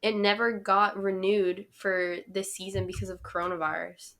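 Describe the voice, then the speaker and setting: A woman's voice: medium pitch, flat delivery, normal speed, fairly bright tone. A young adult woman co-hosting a podcast in casual chat, teasing and sarcastic. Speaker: podcast co-host.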